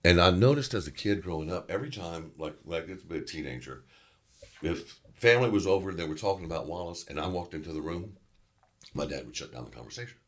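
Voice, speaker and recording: A middle-aged man from Louisiana with a very low voice, a guest actor telling a story in an interview. He talks in an animated, loose way, full of casual fillers. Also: fast.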